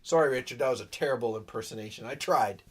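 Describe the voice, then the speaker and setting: Rambling through a casual live stream he hosts, this singer-songwriter is self-deprecating and keeps losing his train of thought. He talks fast in a mid-range voice with a breathy edge.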